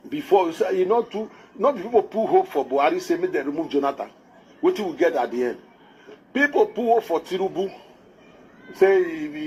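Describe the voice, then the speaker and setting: A man's voice: a little high, a little mellow, a little hiss or hum. A man with a Nigerian accent giving a livestreamed political commentary, emphatic and scolding, repeating his points.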